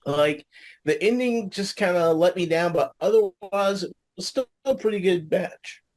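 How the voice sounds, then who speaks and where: A man's voice: high voice, moderate pace, darkish tone, rough recording. A man co-hosting a podcast, casual and laid-back, swearing now and then. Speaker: podcast co-host. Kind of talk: casual chat.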